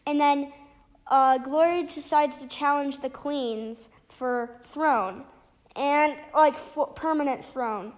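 A woman casually retelling a book's plot, halting often with restarts and fillers. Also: high voice. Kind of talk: casual spoken book recap.

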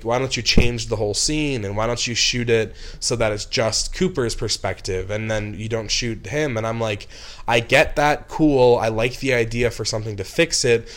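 A young man directing films spins a long, meandering story, piling on "like" and restarting his sentences. His voice sits at a middling pitch and rises into heated bursts when he gets worked up. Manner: rambling, heavy with "like" and restarts, flares into angry outbursts. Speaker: film director. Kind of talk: casual storytelling.

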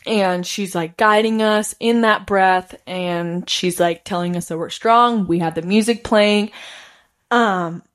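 With a medium-pitched voice and a slow pace, a woman podcast host shares a personal story. Her style is chatty and casual, packed with "like" and frequent laughter.

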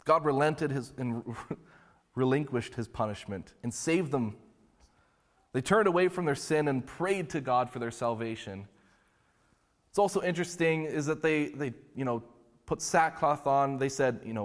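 A male pastor preaching a sermon in a relaxed, conversational storytelling way. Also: medium pitch, moderate pace. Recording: long hall reverb.

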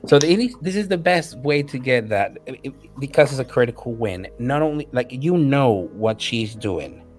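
A man's voice: mid-range voice, expressive, normal speed, soft background music. A man narrating a tabletop game as game master, hesitant and full of fillers.

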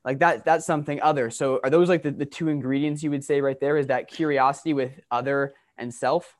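A male podcast host at a middle pitch, asking his guest questions with open curiosity and enthusiasm. He talks loosely and casually, throwing in fillers and the odd swear word. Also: steady tone, a little fast.

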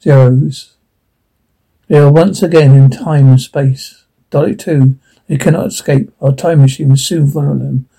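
A man reading the part of a menacing robotic alien war machine, with a husky voice and clipped, repetitive threats. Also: mid-range voice, fairly even intonation, a little slow, mellow, poor audio.

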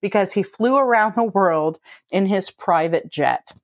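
Lady co-host reading off facts, deadpan-ish, dry sound. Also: medium pitch, a little slow, no echo. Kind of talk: casual comedic chat, reading out facts.

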